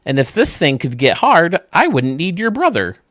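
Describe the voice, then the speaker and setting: A man putting on a higher voice for a deadpan farm wife in a dirty joke. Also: moderate pace, no room sound, clean studio sound.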